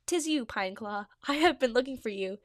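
Woman reading as a menacing black tomcat, sly, old-fashioned threats, fairly high, dry sound. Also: animated, brisk, no echo, close to an everyday voice. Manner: archaic, scheming threats. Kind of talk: reading own fanfiction aloud.

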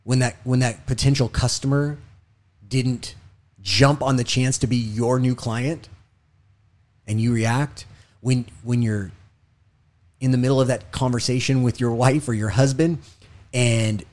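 A man who was a hostage negotiator, giving a motivational talk. He is emphatic and repeats himself, rising when telling stories and dropping low and quiet on key lessons. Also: fairly even intonation, normal speed.

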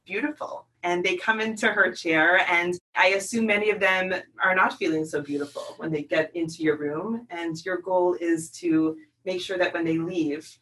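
A woman's voice: on the low side, steady tone, normal speed, few pauses, a bit bright, far from the mic, rough recording. A woman organizer hosting a casual conversation, speaking in a heartfelt way about friendship.

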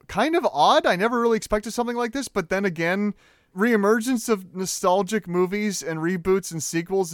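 A young man hosting a movie review podcast, talking in a casual, animated and opinionated way with frequent fillers. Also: high-pitched, no room sound, clean studio sound. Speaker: podcast host.

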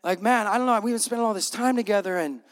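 Here a middle-aged man preaches in a high-pitched voice, talking fast. The sermon feels conversational and forceful, with punch lines he keeps repeating, and emotion catches him so that he laughs while choking up.

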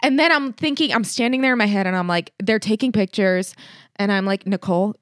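A woman's voice: medium pitch, fairly quick, no room sound, studio quality. A young adult woman co-hosting a podcast, telling stories in casual chat and swearing freely. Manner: animated, swears freely, storytelling. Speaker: podcast co-host.

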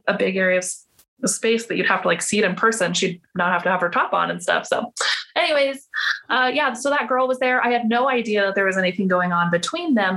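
A woman's voice: medium pitch, fairly bright tone. A woman in her thirties, a podcast guest, telling a personal story in a casual, chatty way, full of "like" fillers and acted-out quoted dialogue. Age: 30s.

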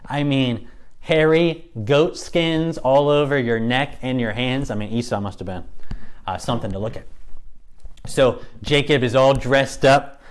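A man teaching a Bible story in a casual, conversational way, retelling scenes with lively storytelling. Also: mid-range voice, a little slow, clean tone.

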